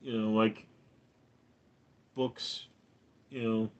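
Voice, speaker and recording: Deadpan man reading his chat aloud. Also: lowish voice, drawn-out words, muffled recording. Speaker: live streamer answering chat. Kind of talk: casual live-stream chat.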